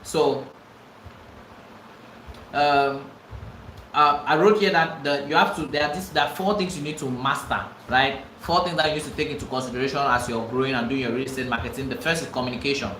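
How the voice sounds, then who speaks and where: Emphatic Cameroonian man coaching, bright and roomy. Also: medium pitch, brisk, a little hiss or hum. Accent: Cameroonian English. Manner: emphatic, repeats phrases, pleading asides. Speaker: real estate coach. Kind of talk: live online class.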